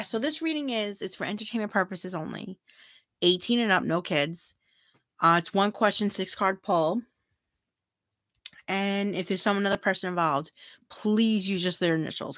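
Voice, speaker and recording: A woman's voice: medium pitch, normal speed, fairly bright tone, no echo, studio quality. A middle-aged woman hosting a free tarot reading livestream, chatting casually, giggling often and reading viewer comments aloud.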